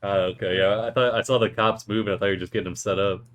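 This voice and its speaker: A man's voice: on the low side, steady tone, rapid-fire, fairly bright tone. A man playing in a tabletop game, casually describing his moves. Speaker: player.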